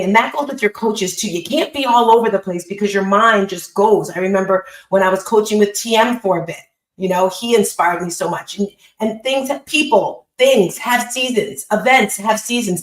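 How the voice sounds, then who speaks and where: A woman's voice: medium pitch, moderate pace. Upbeat woman host, roomy sound. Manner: upbeat, emphatic, repeats phrases. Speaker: host and business coach. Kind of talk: motivational talk on a live online call.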